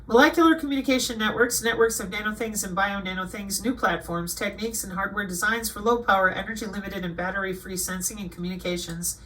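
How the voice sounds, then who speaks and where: A woman's voice: mid-range voice, fast, hardly any pauses, a bit bright, a little hiss or hum, poor audio. A woman reading aloud from a web page and commenting, indignant and lecturing at times. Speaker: online commentator.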